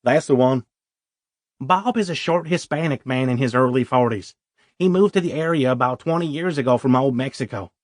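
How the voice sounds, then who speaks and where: A man's voice: medium pitch, brisk, no room sound, studio quality. A man narrating a first-person audiobook story in a wry, self-deprecating way.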